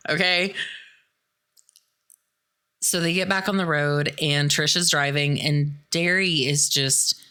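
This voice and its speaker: Sarcastic low-voiced woman podcaster. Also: sharp tone. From Midwestern US. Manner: sarcastic, chatty, swears freely. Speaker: podcast host. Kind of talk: casual movie recap commentary.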